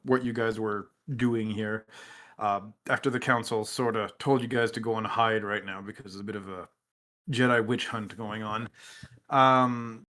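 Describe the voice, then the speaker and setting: A man's voice: medium pitch, a bit bright. A man running a tabletop game on a stream, chatting casually with dry sarcastic jokes and frequent laughter, speaking into a computer mic. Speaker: game master. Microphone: computer mic on a video stream.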